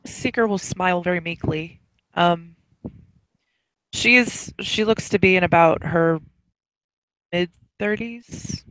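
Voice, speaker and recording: A woman's voice: on the low side, fairly bright tone, no room sound, low-quality recording. A woman setting up a role-play scene as storyteller, rambling with many fillers.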